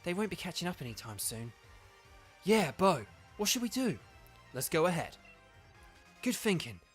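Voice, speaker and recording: An eager teenage boy rival bursts through his lines, high and bouncy with a lively lilt, as a man puts him on during a game playthrough. Soft game music plays underneath the voice. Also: moderate pace. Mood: excited. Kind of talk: reading game dialogue in character.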